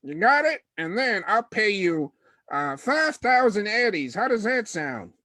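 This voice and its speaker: A man doing a hushed, quick job broker. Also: sits high, sing-song, no room sound, clean studio sound, voice pushed up, heavily acted. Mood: conspiratorial. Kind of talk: improvised comedy role-play.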